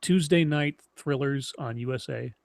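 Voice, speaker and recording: Casting note: man, thirties, casual streamer chat, rambling and animated, close dry mic. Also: medium pitch, a little slow, vocal fry, no room sound. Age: 30s. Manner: rambling, animated storytelling with many restarts. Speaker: streamer co-host.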